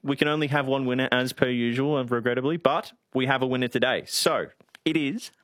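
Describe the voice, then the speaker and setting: Laid-back radio co-host. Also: male voice, medium pitch, fairly even intonation, a little fast, fairly bright tone, no echo. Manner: laid-back, self-deprecating chatter. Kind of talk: casual radio chat. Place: radio studio. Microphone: studio microphone.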